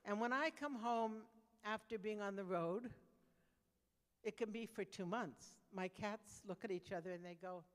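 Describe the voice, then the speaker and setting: A woman's voice: medium pitch, normal speed, long reverb tail. An older woman doing stand-up comedy, telling brash, conversational stories with frequent restarts.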